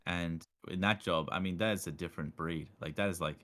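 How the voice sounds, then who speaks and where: A young Australian man hosting a casual streamed chat, animated and jokey, laughing often. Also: low-pitched, a little fast. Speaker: streamer host.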